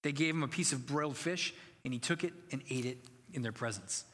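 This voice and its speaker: A man's voice: mid-range voice, fairly quick, a bit bright, long reverb tail. A man preaching a sermon as pastor, earnest and conversational, building to emphatic passages.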